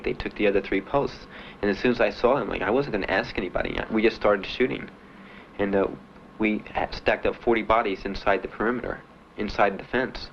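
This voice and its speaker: Older man, interviewee, halting and plain, fillers throughout; dull, slightly noisy archival audio. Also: on the low side. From Miami. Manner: plain, halting storytelling with many "uh"s and "you know"s. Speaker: Vietnam veteran interviewee. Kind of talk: personal recollection in an interview.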